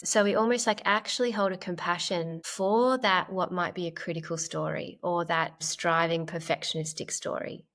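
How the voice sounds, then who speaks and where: A woman clinical psychologist, a podcast guest, explaining ideas gently and in a measured way, with frequent "like" fillers. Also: on the low side. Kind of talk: conversational podcast interview.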